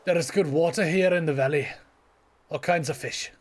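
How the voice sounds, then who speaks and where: A man voicing a gruff old fisherman in a game, talking in salty sailor style over faint game music. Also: fairly high pitch, normal speed, darkish tone, natural voice. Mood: hearty.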